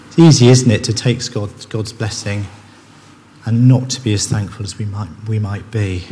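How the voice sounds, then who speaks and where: Preaching in a church at normal speed, a man with a lowish, mellow voice talks in an earnest, conversational way and frequently begins his sentences again. There's a little hiss or hum, plus the long reverb and faint ambience of the church hall.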